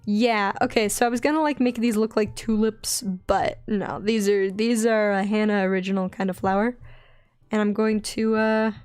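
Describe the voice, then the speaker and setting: A young woman with a light Southern accent, chatting in a bubbly, rambling way while she draws on a stream, often giggling and getting excited. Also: medium pitch, moderate pace, clean tone, no room sound, soft background music. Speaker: digital artist streaming her drawing. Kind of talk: casual chatty art stream.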